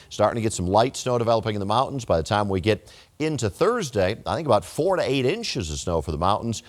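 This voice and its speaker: A man presenting a TV weather forecast in a relaxed, conversational broadcast manner, recorded in a studio on a lapel mic. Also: lowish voice. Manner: relaxed, conversational delivery with casual phrasing. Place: television studio.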